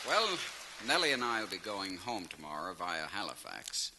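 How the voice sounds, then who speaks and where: Man, radio host, folksy lively delivery, bright voice, hissy reverberant record. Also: low voice, normal speed. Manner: chatty, folksy storytelling. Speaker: radio host and comic storyteller. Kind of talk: comic monologue. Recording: reverberant vinyl transfer with faint hiss.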